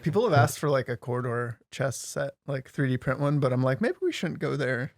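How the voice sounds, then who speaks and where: Man, gravelly creaky voice, podcast host, wry offhand chat. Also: medium pitch, animated, brisk, no echo. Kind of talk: casual chat.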